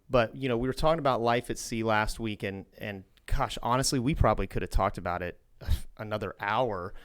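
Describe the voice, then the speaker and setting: A man from Indiana chatting on a podcast in a clear, smooth voice. He rambles easily, with lots of fillers, and his pitch sits in a middling range. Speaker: podcast co-host. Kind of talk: casual podcast chat.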